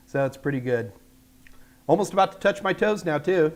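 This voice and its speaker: A man's voice: fairly high pitch, lively intonation, a little fast. An older man from the United States hosting a live tech Q&A, rambling in a chatty, self-deprecating way. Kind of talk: casual livestream chat.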